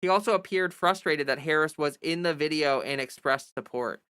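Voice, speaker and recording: A young woman hosts a livestream, reading a news article aloud and then breaking off into exasperated, sarcastic asides. Her voice sits low and is fairly bright, clear, and resonant, at a moderate pace. The sound is studio quality with no echo.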